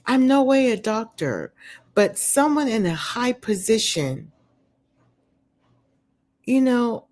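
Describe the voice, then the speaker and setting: A woman vlogger recaps a reality show from home, with a dog nearby, rambling candidly and leaning on "you know" and "um." Her pitch is fairly high and her tone darkish, and she sounds very animated while taking it slowly.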